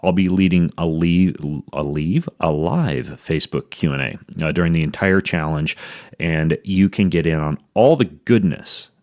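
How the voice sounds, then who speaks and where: A man's voice: sits low, a little slow, darkish tone, no room sound. A man hosting his own podcast, talking in an upbeat, rambling way with plenty of fillers as he reads his intro and sponsor notes from a home studio. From United States. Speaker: podcast host.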